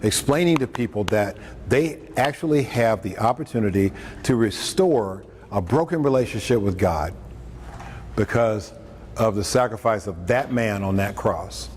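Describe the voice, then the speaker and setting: This lunchtime scripture talk features a man with a lowish, darkish voice, lively intonation and normal speed. He preaches in a conversational manner, tossing in jokes and acting out quotes. Captured by a far-off mic in an echoey hall, it carries faint room noise.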